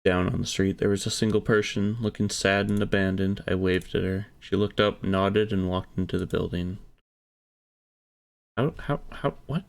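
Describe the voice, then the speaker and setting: Brief: low gravelly male streamer narrating a visual novel, earnest. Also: flat delivery, moderate pace, hardly any pauses. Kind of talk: reading a visual novel aloud.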